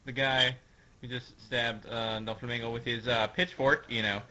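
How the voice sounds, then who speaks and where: A man guesting on a casual podcast, retelling comic scenes in an unhurried, giggly way. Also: medium pitch, little pitch movement, bright, forceful tone. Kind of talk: casual podcast chat, acting out comic lines. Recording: lo-fi dull audio.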